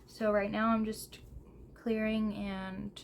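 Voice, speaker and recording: A woman doing a tarot reading at home, gentle and emotional, speaking with fillers and pauses, tearful at times. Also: medium pitch, level tone, vocal fry, a little hiss or hum. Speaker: tarot reader. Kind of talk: slow, soft-spoken tarot reading. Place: home room, seated in a squeaky chair.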